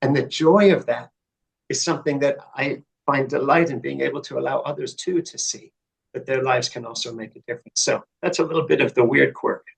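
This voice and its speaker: Middle-aged guy on a podcast, gravelly voice, earnest, gets fired up when he makes his point. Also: medium pitch, brisk, rough recording. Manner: earnest, reflective, builds to fervent emphasis. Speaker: guest. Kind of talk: conversational interview storytelling.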